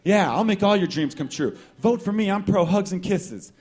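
A man voicing a cheesy male political candidate making a slow, salesy campaign pitch. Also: expressive, a little mellow.

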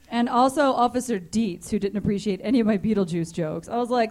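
A woman co-hosting a live comedy talk show on stage, telling stories in a joking, deadpan way. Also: medium pitch, fast talker, hardly any pauses. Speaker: comedy co-host. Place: ballroom stage before a live audience.

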